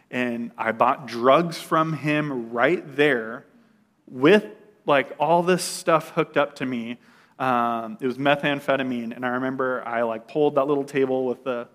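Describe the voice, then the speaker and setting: With a medium-pitched, fairly bright tone, a man relates his personal testimony in an easygoing, conversational style. He uses fillers, starts over now and then, and laughs at himself occasionally.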